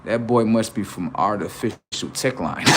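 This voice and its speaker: A man's voice: lowish voice, wildly swooping pitch, slow, pushed and bright. A man hosting a livestream, improvising a mocking comedy roast full of rhetorical questions, speaking. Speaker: livestream host.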